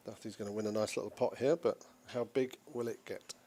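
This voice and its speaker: A man giving play-by-play poker commentary in a dry, measured way. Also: lowish voice, fairly even intonation, dark tone.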